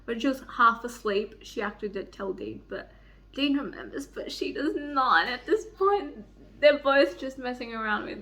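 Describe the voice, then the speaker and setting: Bright, excitable young woman vlogger. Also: fairly high pitch, moderate pace. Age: young adult. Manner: excitable, swears a lot, gushes over characters. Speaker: book vlogger. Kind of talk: casual reading vlog chat. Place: home room by a heater.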